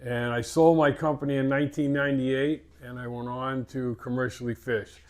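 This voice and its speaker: A man's voice: medium pitch, level tone, normal speed. Older man, Boston accent, fishing captain, rambling storyteller, grandfatherly. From Massachusetts. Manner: rambling, repeats words, laughs easily. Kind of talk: casual interview storytelling.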